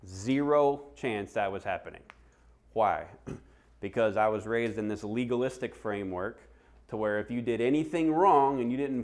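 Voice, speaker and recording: A middle-aged man preaching a sermon, telling stories and acting out the voices of people he quotes. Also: mid-range voice. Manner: animated storytelling, acts out quoted voices. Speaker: pastor.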